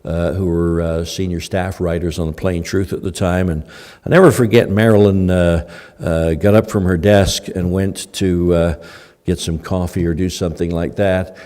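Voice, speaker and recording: A man's voice: sits low, fairly even intonation, normal speed, mellow. An older man preaching a sermon in a conversational way, with many fillers and restarts. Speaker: pastor. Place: church hall. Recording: long hall reverb.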